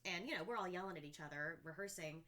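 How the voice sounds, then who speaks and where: A woman who directs and co-produces the show, telling stories in an animated way during a casual interview. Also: fairly low pitch. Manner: fast, animated storytelling.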